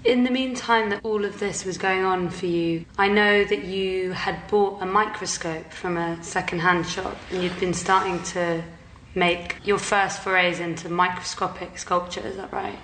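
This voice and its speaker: A woman interviewing a guest and narrating a documentary in a measured way. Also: medium pitch, fairly even intonation, fairly bright tone, reverberant, slight background noise.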